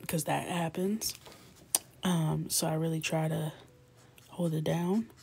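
A woman in her thirties speaks slowly and steadily in a low-pitched voice with vocal fry while hosting a live coloring stream. She chats casually and laughs with viewers, soft-spoken and often whispering. There's slight background noise.

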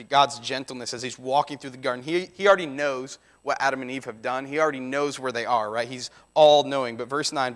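A man's voice: mid-range voice, fairly bright tone. Conversational male pastor preaching. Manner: conversational, frequent "right?" and restarts. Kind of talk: sermon.

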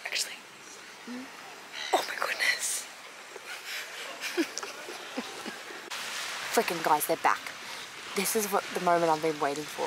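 A woman's voice: deep voice, takes it slowly, pauses often, very noisy. An Australian woman vlogging outdoors by a harbour, gushing and rambling with lots of "like" fillers. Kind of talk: casual outdoor vlog.

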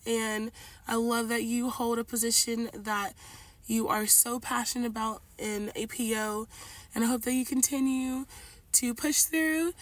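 Earnest young woman with a higher voice. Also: no room sound. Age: young adult. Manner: earnest and heartfelt. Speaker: college student giving a tribute. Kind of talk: recorded video message.

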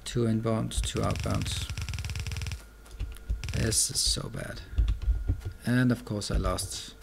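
A man's voice: fairly low pitch, fairly even intonation, slow, vocal fry, background noise. A man commenting on his own gameplay, muttering to himself and swearing when things go wrong. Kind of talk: let's play commentary. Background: keyboard and mouse clicks.

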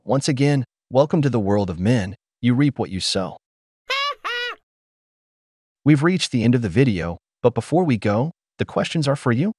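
Male narrator, sardonic scripted commentary, lively pitch, dry sound. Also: husky, no echo. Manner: mocking, sardonic. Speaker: channel commentator.

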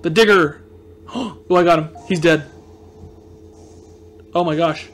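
A young man giving casual let's play commentary, excitable and self-mocking, yelping and groaning at every shot. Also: a little high, takes it slowly. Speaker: gaming video host.

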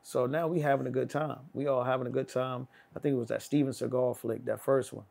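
Gravelly man telling a wild story. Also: fairly even intonation, fast talker. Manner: acts out voices of people in his anecdotes, swinging loud and high. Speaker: guest. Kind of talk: animated storytelling in casual chat.

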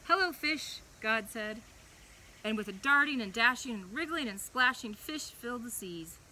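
A young woman leading a preschool chapel, reading a Bible story to young children in a playful, animated way. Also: a little high, moderate pace, slight background noise, rough recording.

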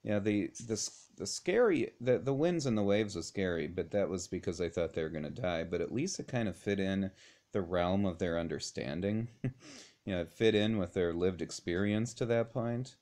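Deep-voiced man teaching casual Bible study. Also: lively intonation, normal speed, a little mellow. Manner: conversational, chuckles often, many fillers and restarts. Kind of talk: informal Bible lesson.

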